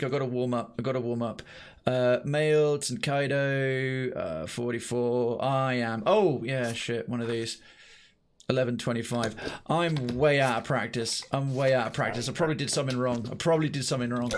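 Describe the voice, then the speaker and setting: A man's voice: mid-range voice, slight background noise. A man streaming a video game, rambling casually through his commentary and swearing now and then. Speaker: gaming streamer.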